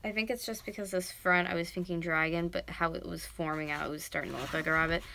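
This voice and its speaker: A woman's voice: fairly low pitch, fairly even intonation, fast, creaky, sharp tone. A woman in her twenties chatting casually to viewers while she sculpts, rambling and dropping into whispers as she works. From North America. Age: 20s. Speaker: YouTuber.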